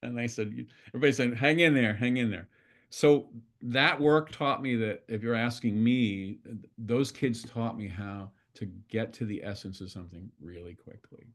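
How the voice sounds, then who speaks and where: A man, a constellation facilitator, telling a story in a relaxed, conversational way and acting out the dialogue. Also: mid-range voice, moderate pace, few pauses. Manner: conversational, acts out dialogue with swearing quotes. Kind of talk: storytelling in an online talk.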